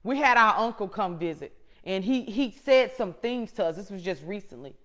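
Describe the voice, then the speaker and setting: A middle-aged woman hosting a show, giving an impassioned, preacher-like motivational talk that repeats phrases for emphasis and swings between hushed and loud moments. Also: medium pitch, animated, normal speed. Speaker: show host.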